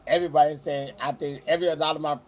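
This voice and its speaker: A man's voice: a little high, fairly even intonation, racing. A man in his forties from California, chatting casually and profanely to camera in a vlog outdoors at the beach. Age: 40s. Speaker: vlogger. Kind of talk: casual chat.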